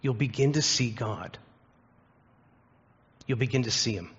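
A man preaching a sermon as a pastor, telling a story earnestly and slowing down for emphasis. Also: mid-range voice, a bit bright, husky, lo-fi sound.

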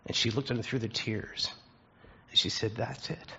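Male pastor, sermon delivery, husky tone, earnest storyteller, slightly dull lo-fi sound. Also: lowish voice, steady tone, bright, forceful tone. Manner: earnest storytelling, slowing for emphasis.

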